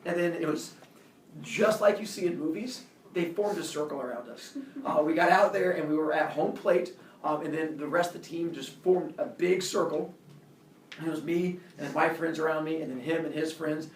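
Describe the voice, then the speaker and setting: A man telling a childhood fight story in an animated way, laughing and acting out the voices. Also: a little high, normal speed, slight background noise. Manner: animated, laughing, acts out quotes. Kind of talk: personal storytelling talk. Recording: roomy, distant camera audio.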